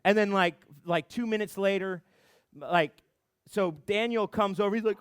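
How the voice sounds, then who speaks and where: Animated high-voiced young youth pastor. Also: male voice, normal speed, smooth, no echo, clean studio sound. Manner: animated storytelling with many fillers. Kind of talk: youth group talk.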